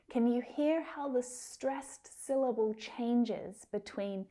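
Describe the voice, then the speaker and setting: A woman leads a pronunciation lesson at an unhurried pace. Her voice is mellow and soft. She over-articulates each word and repeats it patiently, sometimes dropping to a whisper. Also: on the high side. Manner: carefully over-articulated, drilling single words. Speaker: English pronunciation teacher. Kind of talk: slow, deliberate pronunciation lesson.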